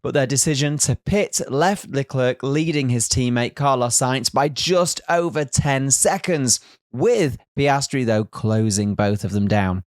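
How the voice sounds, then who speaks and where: A man's voice: mid-range voice, measured pace, no echo, studio quality. A man presenting a scripted race recap, with jokey teasing asides.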